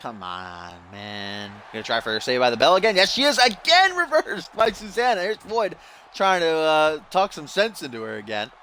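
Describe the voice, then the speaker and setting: A young man calls a video game wrestling match in a high, bright voice that swings widely as he gets excited. He laughs and groans at the mistakes with exasperated energy. A faint hiss sits under the recording. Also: normal speed. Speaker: gaming YouTuber. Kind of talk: play-by-play commentary over a wrestling video game.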